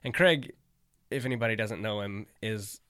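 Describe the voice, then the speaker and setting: A man's voice: fairly low pitch, normal speed, sharp tone, clean tone, dry recording. A middle-aged man, a stand-up comedian, telling a story in casual, laid-back chat, swearing and livening up when he quotes friends.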